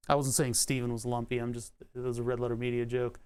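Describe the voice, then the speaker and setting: A man's voice: mid-range voice, completely flat delivery, fast, a little mellow, clean tone. A man streaming while he repairs a tablet, rambling casually with lots of fillers and asides. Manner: rambling, full of fillers and asides, laughs often. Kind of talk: casual livestream talk while repairing electronics.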